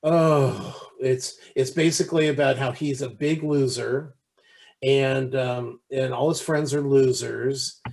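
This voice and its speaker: A man in casual podcast chat, retelling a movie in a rambling way full of fillers and restarts. He slips into acted-out voices when he quotes people. His pitch sits in the middle for a man. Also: steady tone, takes it slowly, creaky, a little mellow. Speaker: podcast co-host.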